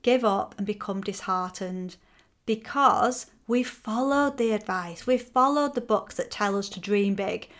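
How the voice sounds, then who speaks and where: A woman's voice: mid-range voice, unhurried. A woman hosting a motivational podcast, talking frankly and energetically and acting out listeners' complaints. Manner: frank and energetic, acts out quoted complaints, swears casually. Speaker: podcast host and coach.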